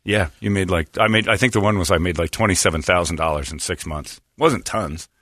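A man's voice: deep voice, fairly quick, fairly bright tone, dry recording, clean studio sound. A man hosting a radio talk show, telling rambling stories, laughing often and acting out quotes in casual banter.

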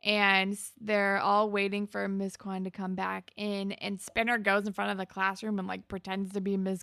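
A young woman recapping scenes as a podcast co-host, her voice often dropping into a gravelly fry. She narrates at an easy pace and laughs between bits. The sound is dry and close. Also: medium pitch, moderate pace, fairly bright tone, dry recording. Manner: retelling scenes with laughs and swearing. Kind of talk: casual recap chat.

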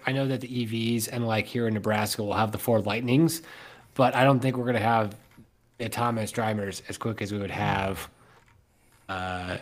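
A man hosting a podcast, trading teasing jokes in casual chat. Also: mid-range voice. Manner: joking, teasing banter. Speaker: podcast host.

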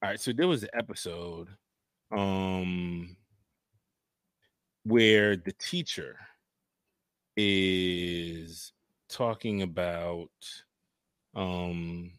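A man co-hosting a podcast, telling stories in a relaxed, slangy way over a video call. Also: low voice, clean tone, no echo. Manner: relaxed, drawn-out storytelling with slang. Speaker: podcast co-host. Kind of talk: casual chat.

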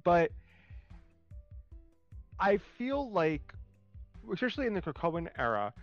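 A man co-hosting a casual comics discussion, animated and searching for words. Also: on the high side, no echo, lo-fi sound. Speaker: co-host.

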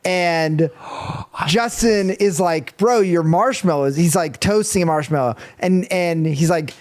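A man co-hosting a casual movie review podcast, animated and swearing as he acts out lines from the film. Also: high-pitched, unhurried, no echo, clean studio sound. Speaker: podcast co-host.

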